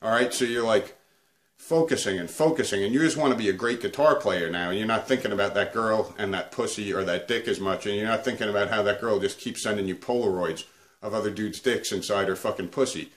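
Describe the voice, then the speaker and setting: A man's voice: on the low side, fairly quick. A man hosting a comedic guitar video, ranting crudely and swearing nonstop. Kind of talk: profane comedic rant to camera.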